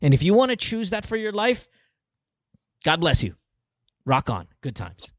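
A man hosting an advice show, blunt and profane, heated and quick to apologize. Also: high voice, wildly swooping pitch, no echo, clean studio sound. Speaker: podcast host giving advice to callers.

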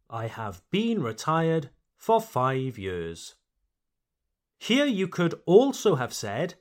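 Slow, animated male English teacher. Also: mid-range voice. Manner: slow, deliberate, repeats words for learners. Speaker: English teacher and podcast host. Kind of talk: bilingual vocabulary lesson.

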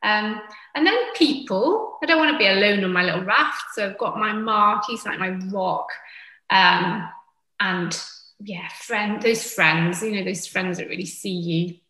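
Woman, yoga teacher guest, bright tone, roomy echo, soft reflective pace. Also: mid-range voice, unhurried. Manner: gentle, reflective, with soft fillers. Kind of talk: casual conversation.

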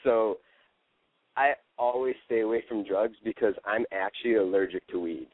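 A man's voice: lowish voice, normal speed, no echo. A man calling in to a show, chatting casually and jumping in eagerly. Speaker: caller. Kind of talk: casual phone chat. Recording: tinny phone line, dry.

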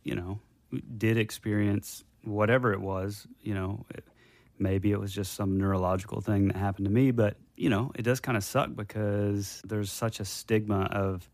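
Man, podcast co-host, low voice with gravel, dry sound, thoughtful and halting. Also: fairly even intonation, darkish tone, dry recording. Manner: reflective, halting, with many fillers. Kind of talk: casual chat.

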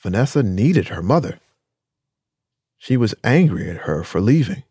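Measured male documentary narrator. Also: fairly low pitch, big pitch swings, dark tone, slightly rough, dry recording, clean studio sound.

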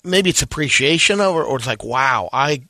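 A man's voice: a little high, expressive, fast talker, sharp tone, dry recording, clean studio sound. A man co-hosting a talk show, musing aloud in a hesitant way. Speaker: co-host. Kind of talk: casual chat.

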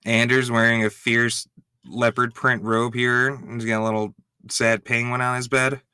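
A man giving excitable, gushing reaction commentary, swearing freely as he reacts. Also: medium pitch, normal speed, smooth, no room sound, clean studio sound.

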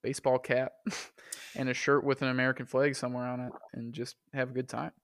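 Laid-back man with a gravelly voice. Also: medium pitch, flat delivery, fairly quick. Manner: laid-back, encouraging, teasing. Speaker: podcast guest. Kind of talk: casual chat.

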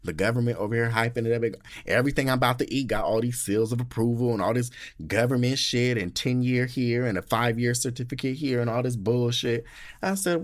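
A young American man recapping his trip in a casual monologue, sassy and animated, swearing often and gushing with drawn-out words. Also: mid-range voice. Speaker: podcast host.

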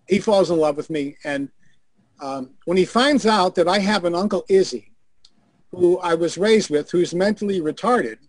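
An older man, a guest on a video call, telling animated, profane stories and acting out the voices of the people he quotes. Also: sits high, no echo. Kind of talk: anecdotal storytelling.

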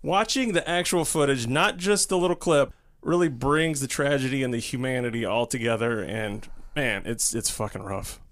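A man's voice: mid-range voice, normal speed, fairly bright tone. Profane, emphatic male podcast co-host. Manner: emphatic, profane, vivid retelling. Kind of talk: casual podcast chat.

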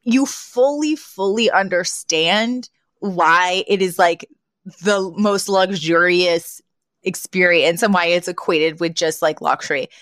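A woman co-hosting a casual podcast, talking in an animated way with fillers and laughs. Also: fairly low pitch, slow pace, dry recording, studio quality. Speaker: podcast co-host. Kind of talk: casual TV recap chat.

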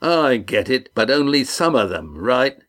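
A man reading the part of a tough innkeeper, speaking in a calm, dry, teasing way. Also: mid-range voice, unhurried, voice pushed up. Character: tough, wry innkeeper, calm under threat.

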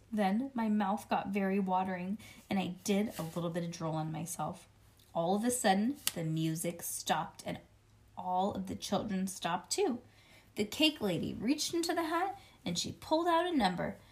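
A woman reading a children's book aloud to a child, expressive and lively. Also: medium pitch, normal speed.

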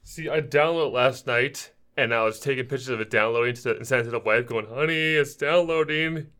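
A man co-hosting a gaming podcast in casual chat, excitable and playful, acting out the voices of people he quotes. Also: mid-range voice, fast. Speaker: podcast co-host.

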